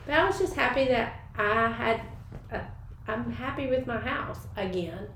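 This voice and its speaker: A woman co-hosting a podcast, telling stories in a relaxed, reflective casual chat. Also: a little high, moderate pace. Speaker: podcast co-host. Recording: roomy with faint background hiss.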